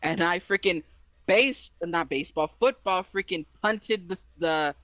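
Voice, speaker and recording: A man telling a long personal story in casual chat, animated and full of restarts. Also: high-pitched, unhurried, dry recording, highs cut off. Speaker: podcast host.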